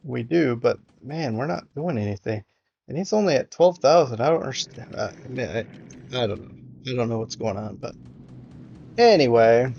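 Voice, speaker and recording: A man's voice: medium pitch, expressive, normal speed, creaky, darkish tone, highs cut off, slight background noise. A man casually commentating a strategy game, hesitant and frustrated, with many fillers and restarts. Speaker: gameplay commentator.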